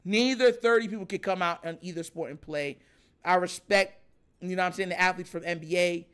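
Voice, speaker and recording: A man's voice: high-pitched, fairly quick, fairly bright tone, smooth. A man in casual sports talk, speaking emphatically in slang, laughing often and often asking "you know what I'm saying.".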